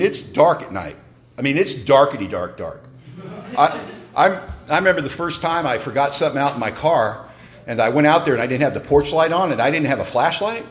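A middle-aged man telling a personal story to a meeting audience in an animated, conversational way. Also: a little high. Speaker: speaker at a recovery meeting.

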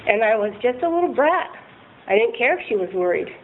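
A woman's voice: on the high side, sing-song, a little fast. A woman candidly sharing a rambling, self-deprecating personal recovery story, laughing often. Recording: tinny phone-like line with faint noise.

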